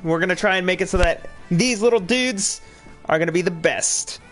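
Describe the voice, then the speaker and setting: A man's voice: high voice, normal speed, a bit bright, soft background music. A man giving casual, jokey let's play commentary, making crude cracks and reading game text aloud. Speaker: gaming video host.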